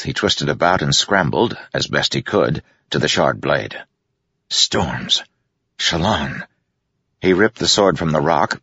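Deep husky man narrating tense action. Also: a bit bright, no echo, highs cut off. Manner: tense, dramatic reading of action. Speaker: audiobook narrator. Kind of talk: scripted fantasy narration.

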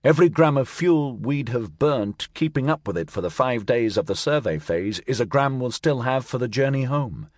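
A man voicing a calm, earnest male crewman in an audiobook, persuading gently. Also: mid-range voice, normal speed, few pauses, no echo, studio quality, voice pushed up, natural voice.

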